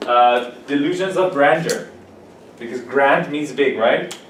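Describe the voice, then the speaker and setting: A man teaching English vocabulary to a class, animated and playful, acting out examples. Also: mid-range voice, a little slow. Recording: echoey room from far off, faint noise.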